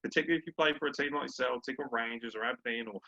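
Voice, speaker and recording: A man's voice: mid-range voice, rapid-fire, pushed and bright. A young man, a podcast co-host in casual sports chat, brash, sweary and ranting. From Britain. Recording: dull lo-fi audio.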